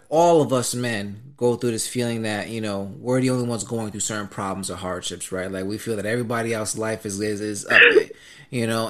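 A man's voice: medium pitch, a bit bright. A man hosting a podcast, talking in a reflective, earnest way and often calling his guest "man". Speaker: podcast host. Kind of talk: casual chat.

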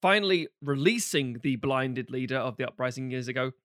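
A man co-hosting a film podcast in casual chat, reading out a synopsis with quick asides and casual swearing. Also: medium pitch, expressive, fairly bright tone, no echo, clean studio sound. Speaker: podcast co-host.

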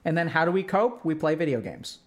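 A man's voice: fairly high pitch, big pitch swings, brisk. A man explaining relationship advice in a casual, conversational way, full of "like" and "right?" check-ins. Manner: breaks into role-played example dialogue. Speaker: podcast host giving relationship advice.

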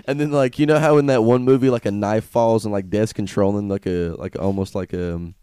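Young male co-host, crude slangy banter, mellow dark tone, dry close mic. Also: on the low side, steady tone, brisk, clean tone, no echo. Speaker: podcast co-host. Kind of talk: casual joking chat.

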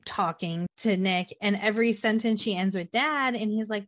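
A woman's voice: medium pitch, moderate pace, hardly any pauses, no room sound. Young female podcast co-host, chatty recap style, dry close recording. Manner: animated retelling, acts out character lines. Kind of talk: casual movie recap chat.

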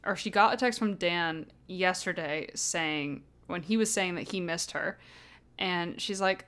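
A woman's voice: fairly low pitch, a little slow, fairly bright tone. Laughing, sarcastic woman podcaster. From United States. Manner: laughs often, sarcastic joking. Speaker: podcast co-host. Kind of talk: casual book-club chat.

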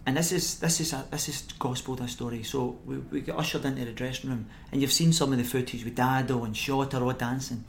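A middle-aged man with a Scottish accent, guesting on a podcast and telling stories with lively energy, laughing as he goes. His voice sits at an everyday middle pitch, with a faint hum of noise behind him. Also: brisk, gravelly, hardly any pauses. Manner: animated anecdote-telling, acts out quoted voices, laughs often. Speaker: former footballer guest. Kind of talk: podcast interview storytelling.

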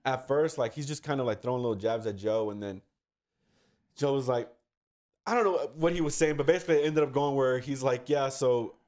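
A man's voice: medium pitch, brisk, a little mellow. A young man telling a rambling story in casual chat, full of fillers and swearing.

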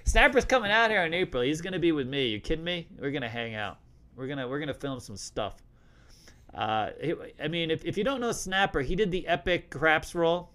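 A man's voice: a little high, animated, a little fast, pushed and bright. A man hosting a casual live stream, talking loosely and joking with lots of restarts. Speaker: host.

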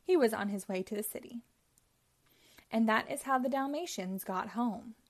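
A woman reading a children's storybook aloud, telling it clearly and expressively. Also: on the high side, normal speed. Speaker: storybook reader.

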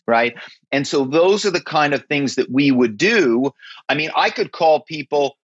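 Man, ex-spy guest, husky voice, emphatic, dry dull lo-fi sound. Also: on the high side, lively intonation, unhurried, a bit bright, dry recording. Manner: emphatic, keeps asking "right?". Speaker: former corporate spy and author. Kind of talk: interview guest storytelling.

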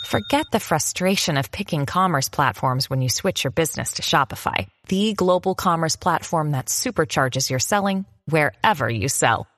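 Female ad reader, low voice, dry close sound, scripted promo. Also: a bit bright, no echo. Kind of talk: scripted sponsor read.

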